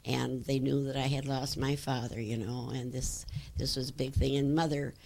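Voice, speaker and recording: A woman's voice: very deep voice, level tone, moderate pace, creaky, darkish tone, slight background noise. An older woman telling stories from her childhood in an oral history interview, rambling with fillers and restarts.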